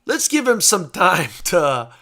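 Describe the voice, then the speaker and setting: Excitable, bright-voiced man talking boxing. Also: high-pitched, slow pace. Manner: excitable, swears freely, casual slang. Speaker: boxing show host. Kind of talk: live-stream post-fight reaction chat.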